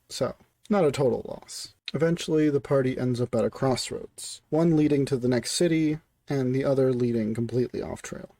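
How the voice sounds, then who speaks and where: A man's voice: medium pitch, warm tone, no echo. A young man casually retelling a tabletop game session as a story. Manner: casual, filler-heavy.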